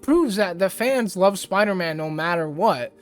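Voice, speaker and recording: A man's voice: high voice, expressive, measured pace, soft background music. A man hosting a casual ranting commentary vlog, rambling and exasperated, with lots of fillers. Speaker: YouTube host.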